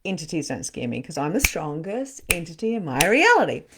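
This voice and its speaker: A woman hosting a live online spiritual session, telling stories in a casual, animated way. She laughs often, swears for emphasis and acts out scenes, then turns quiet when she speaks of loss. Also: fairly low pitch, brisk, background noise. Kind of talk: casual storytelling to a live audience.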